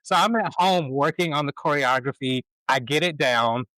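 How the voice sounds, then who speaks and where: A male podcast host, an animated storyteller who laughs often while chatting casually. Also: on the high side, normal speed, no echo, rough recording. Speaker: stage performer. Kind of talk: casual conversation.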